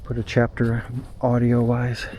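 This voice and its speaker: A man narrating his solo night walk outdoors through snowy woods as a paranormal investigator, jumpy and excitable, talking to himself. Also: mid-range voice, a little hiss or hum. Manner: excitable and jumpy, talks to himself, quick nervous laughs. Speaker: paranormal investigator, channel host.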